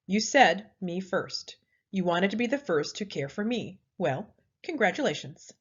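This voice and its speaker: A woman's voice: mid-range voice, lively intonation, measured pace, husky, lo-fi sound. A woman voicing a small, bossy female sand creature who cackles, in a storybook reading.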